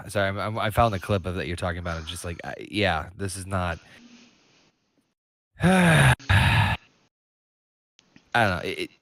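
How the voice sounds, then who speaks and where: A man's voice: deep voice, unhurried, long pauses, no echo. A man co-hosting a podcast, casually retelling a comedy routine, swearing freely and acting out the quoted voices. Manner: profane, animated storyteller acting out quotes in a raised voice. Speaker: podcast co-host.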